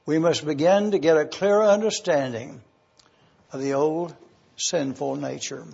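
Slow, breathy high-voiced male preacher. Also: darkish tone, lo-fi sound. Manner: slow, deliberate teaching cadence with listed points. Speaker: pastor. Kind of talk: sermon.

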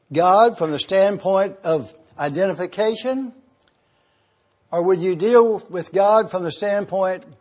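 Slow, husky high-voiced preacher. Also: male voice, darkish tone. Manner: slow, deliberate teaching with emphatic pauses. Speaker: preacher teaching scripture. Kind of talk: sermon. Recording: dull lo-fi recording.

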